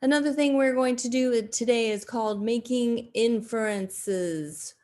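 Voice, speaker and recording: A woman teaching second graders in a recorded video lesson, speaking deliberately with frequent fillers and restarts. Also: fairly high pitch, darkish tone. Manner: slow, deliberate, with frequent fillers and self-corrections.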